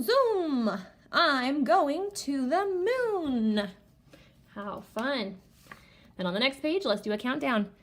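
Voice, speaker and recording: A woman teacher giving a remote reading lesson to young children, reading aloud in an animated, sing-song way with big excited rises. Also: mid-range voice. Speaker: elementary school teacher.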